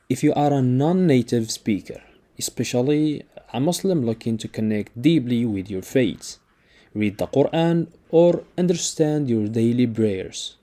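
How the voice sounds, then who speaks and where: A man teaching an alphabet in scripted narration, sounding out each letter slowly and deliberately with an example word. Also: medium pitch, warm tone. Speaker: language teacher.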